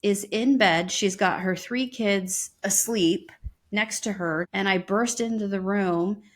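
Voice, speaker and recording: Woman podcast co-host, casual storyteller, average pitch, frequent ums. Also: slow pace. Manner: lively retelling with frequent ums.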